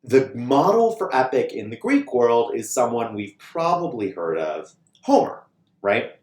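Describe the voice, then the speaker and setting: Male professor, casual video lecture, lively sing-song delivery, roomy echo. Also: medium pitch, unhurried. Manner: casual and lively, frequent "right?" check-ins, mild swearing. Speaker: university classics lecturer. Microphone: camera mic. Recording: echoey room.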